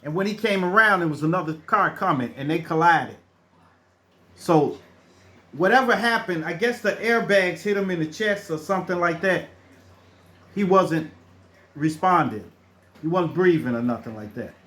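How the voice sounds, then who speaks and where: A man's voice: sits high, animated, moderate pace, long pauses, pushed and bright. A middle-aged man telling true stories in a casual, rambling way, restarting his sentences and acting out the people in them. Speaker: storyteller. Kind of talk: casual spoken storytelling.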